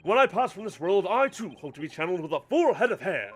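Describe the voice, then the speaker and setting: A man's voice: sits high, very animated, fast, soft background music. A man voicing a solemn middle-aged male court minister who speaks formally and ceremoniously.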